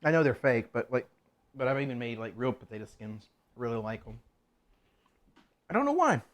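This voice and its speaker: A man's voice: medium pitch, fairly even intonation, a little fast. A man streaming himself cooking in a home kitchen, chatting casually and rambling to himself as he works.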